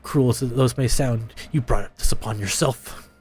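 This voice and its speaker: A man's voice: mid-range voice, measured pace, darkish tone, close to an everyday voice. A man reading game dialogue aloud, playing a stern man who lectures with exasperation. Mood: scolding. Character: stern man giving blunt parting advice.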